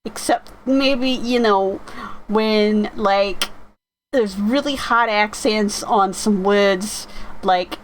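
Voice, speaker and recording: A woman's voice: mid-range voice, very slow, a little hiss or hum, rough recording. A woman streaming from home in casual live-stream chat, rambling and often correcting herself with many fillers. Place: home, sitting in a rocking chair.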